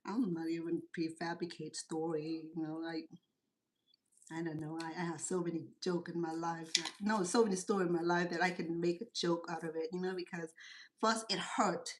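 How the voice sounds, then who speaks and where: Speaking from her kitchen in broken English, this middle-aged native Khmer speaker with a Cambodian accent runs a home cooking channel and wanders through casual, chatty stories. Her voice is lowish and steady at a moderate pace, with slight background noise.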